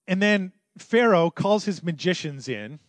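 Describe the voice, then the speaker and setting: A pastor preaching to his church in a notably high male voice. He tells the story in a relaxed, conversational way and acts out the quotes as he goes. The sound is close and dry, with almost no room echo. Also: a little slow. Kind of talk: sermon.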